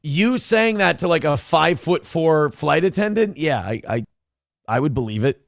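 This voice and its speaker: A man's voice: on the high side, animated, normal speed, gravelly, no room sound, studio quality. A man hosting a morning show, commenting sarcastically on a viral video and laughing at it.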